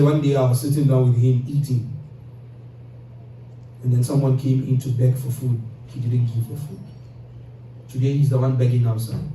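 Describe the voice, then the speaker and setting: In a mosque hall, a man delivers a sermon built on moral stories, acting out the voices of the characters. His voice is medium-pitched and mellow, with a little hiss or hum. It was recorded from far off, so the hall echoes.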